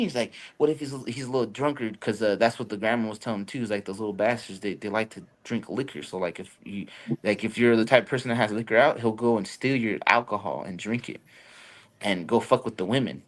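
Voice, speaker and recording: A young man hosting a podcast, telling a story in casual, profane chat and jumping into high voices to quote people. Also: quick pace. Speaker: podcast host.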